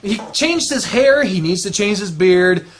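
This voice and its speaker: A man hosting a casual chat, excitable and ranting with heavy swearing. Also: high voice, unhurried. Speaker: host.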